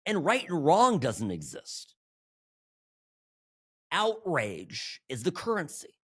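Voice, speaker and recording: A man from Southern California hosting a political talk show, delivering an animated, emphatic monologue with frequent restarts and asides. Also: fairly high pitch, slow pace, husky.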